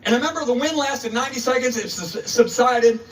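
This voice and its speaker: Very high-pitched and brisk, this man is a guest preacher dramatizing a sermon story. He voices the characters emphatically, and the mic sits far from him.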